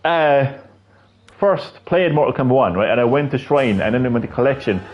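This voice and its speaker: A man's voice: mid-range voice, lively intonation, fairly quick, dull audio, faint music behind. A man live-streaming a video game, with rambling, profane, ranting commentary.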